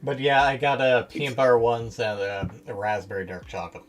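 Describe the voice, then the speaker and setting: A man's voice: mid-range voice, steady tone, fairly quick, soft background music. Easygoing man chatting on stream. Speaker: streamer co-host. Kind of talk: casual chat.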